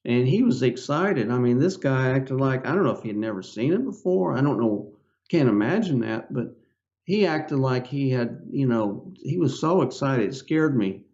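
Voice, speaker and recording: An older man with a gravelly voice tells a personal story as a podcast guest. His telling is halting and rambling, and he stops often for fillers. The audio is a bit dull and lo-fi. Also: medium pitch, expressive, a little mellow. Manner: rambling, halting, with many "you know" fillers. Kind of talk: personal storytelling in a casual interview.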